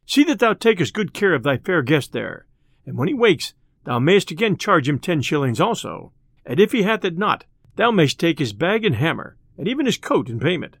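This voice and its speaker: A man's voice: on the high side, big pitch swings, normal speed, gravelly, dry recording, clean studio sound, heavily acted. A man voicing a sly, merry outlaw leader, amused and lordly in archaic speech.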